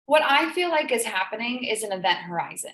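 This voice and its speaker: A woman's voice: a little high, big pitch swings, brisk, a bit bright. Earnest woman hosting an echoey live stream. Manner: emotional, earnest, repeats phrases for emphasis. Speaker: host of a live business coaching stream. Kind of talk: live-stream motivational talk. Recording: echoey room.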